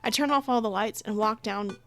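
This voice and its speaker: A woman's voice: on the high side, a little fast, fairly bright tone, soft background music. Giggly young woman reading a game. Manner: giggly, chatty, laughs often. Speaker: let's play gamer. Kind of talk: casual game commentary and reading aloud.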